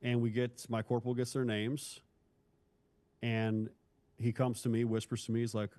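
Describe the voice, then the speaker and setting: A man's voice: medium pitch, level tone, normal speed, long pauses, darkish tone, smooth. A man from Northeast Ohio, a former police officer, telling a hard story from his career in a candid, blunt, casual way as an interview guest. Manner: candid, blunt, calls the host bro.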